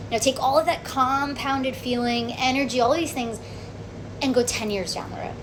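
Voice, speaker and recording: Animated woman telling a personal story. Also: on the high side, normal speed, noisy background. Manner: animated, acts out quotes, frequent "okay?" and "like". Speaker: vlogger.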